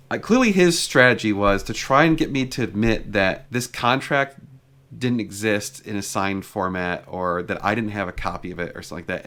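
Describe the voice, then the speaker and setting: A man's voice: on the low side, fairly bright tone. A man vlogging in a casual storytelling style, talking chattily and peppering his retelling with "like". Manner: chatty, retells exchanges with lots of "like" fillers. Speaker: car vlogger.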